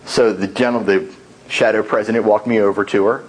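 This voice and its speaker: A man giving a tall-tale speech at a speaking club, telling it in an animated storytelling manner. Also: on the low side, brisk, a little hiss or hum, poor audio.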